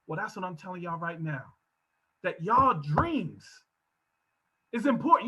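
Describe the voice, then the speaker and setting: A man giving a motivational talk over a video call from his home office, speaking in an emphatic, preacherly style that swells into shouts. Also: high-pitched, sing-song, measured pace, slightly rough, lo-fi sound. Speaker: guest speaker.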